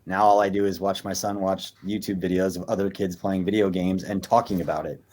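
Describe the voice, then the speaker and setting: A man in his thirties co-hosts a casual sports podcast. His voice sits on the low side, and he rambles in an easygoing, chatty way with plenty of filler words. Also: fairly even intonation, brisk, a little mellow. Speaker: podcast co-host.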